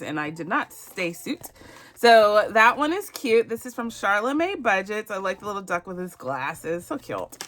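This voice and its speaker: A woman from Barbados talks through a savings challenge in a relaxed, chatty vlog. She giggles often and keeps a friendly, easygoing flow. Her voice sits at a middle pitch for a woman. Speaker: budgeting channel host.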